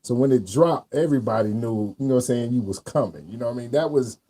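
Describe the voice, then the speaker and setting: Mellow-voiced man hosting a chat. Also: mid-range voice, quick pace. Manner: laid-back storytelling with "yes, sir" replies. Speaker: host. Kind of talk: casual interview chat.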